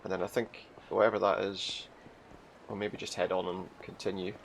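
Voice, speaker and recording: A man's voice: low-pitched, flat delivery, normal speed, creaky, a little hiss or hum. A man hosting a let's play, joking casually and reading game dialogue aloud. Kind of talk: casual gameplay commentary.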